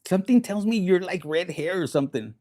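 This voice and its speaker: A man giving a casual livestream tarot reading, profane and animated, dropping into Spanish slang. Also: high-pitched, a little fast. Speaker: tarot reader.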